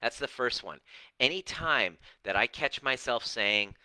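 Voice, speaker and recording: A middle-aged man talking straight to viewers as a coach, animated and emphatic. He slows down on key words to drive them home. His voice is bright and forceful, recorded close and dry. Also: mid-range voice, clean tone, dry recording, poor audio. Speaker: personal growth coach. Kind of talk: direct-to-camera coaching talk.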